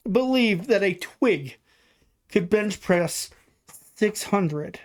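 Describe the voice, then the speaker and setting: A woman co-hosting a podcast at an ordinary mid pitch. She talks bluntly and swears heavily as she vents in casual conversation. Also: animated, very slow, pauses often. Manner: blunt, profane ranting. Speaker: podcast co-host. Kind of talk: casual chat.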